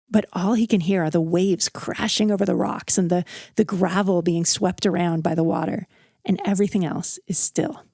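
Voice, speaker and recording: A woman narrates a true story in a relaxed, chatty way and lets the tension build as she goes. Her voice sits in a middle pitch. The sound is dry and close to the mic, with no echo. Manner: conversational and vivid, with a dramatic build. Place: outdoors around a campfire.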